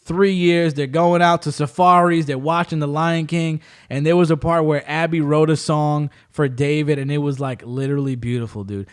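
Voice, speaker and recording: A man's voice: a little high, moderate pace, few pauses, clean tone. A man. He tells stories animatedly, acting out what people said and laughing often. The talk is loose and full of fillers. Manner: animated storytelling, acts out quotes, laughs often. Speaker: podcast host. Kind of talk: casual chat.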